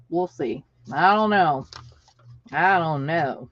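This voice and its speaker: A woman past thirty-five talks at an easy, unhurried pace in a casual live-stream chat. She keeps breaking into laughs and acts out the lines of the people in her stories. The audio is dull and lo-fi, and the sound is dry and close. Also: low-pitched, no room sound. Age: over 35. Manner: chatty, laughs often between sentences; tells stories by acting out what people said.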